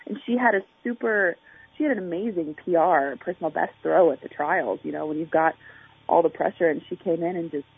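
Talking a little fast in a lowish voice with vocal fry and a breathy edge, a woman Olympic track and field athlete gives a phone interview. She's chatty, filling her speech with fillers and restarts, and the line is tinny.

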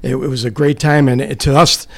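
A man's voice: medium pitch, flat delivery, fairly quick, vocal fry, fairly bright tone. An older man, co-hosting and speaking modestly with many fillers. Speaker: co-host. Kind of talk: reminiscing talk show chat.

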